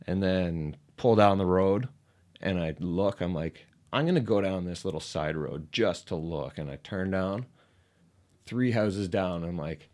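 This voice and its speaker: A man in his thirties, a guest on a casual podcast, telling a long story in a rambling way, packed with "like" and growing more animated as he retells it. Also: low-pitched, unhurried. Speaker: podcast guest, ramp builder.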